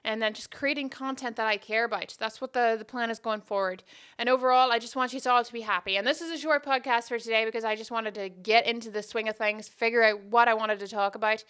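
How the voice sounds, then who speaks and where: A woman's voice: fairly high pitch, steady tone, fast, a bit bright, clear, resonant tone. A woman hosting her own podcast, chatting casually and rambling off on tangents in a self-deprecating way. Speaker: podcast host. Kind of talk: casual solo podcast chat.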